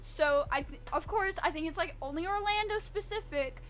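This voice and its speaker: A woman's voice: extremely high pitch, normal speed, a bit bright, faint music behind. A woman streamer rambling casually and swearing freely while baking in her home kitchen. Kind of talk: casual live-stream chat.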